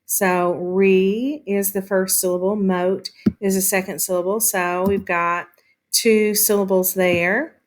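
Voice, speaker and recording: A woman's voice: medium pitch, level tone, takes it slowly. A woman teacher giving a recorded lesson to young pupils, explaining patiently step by step with frequent ums.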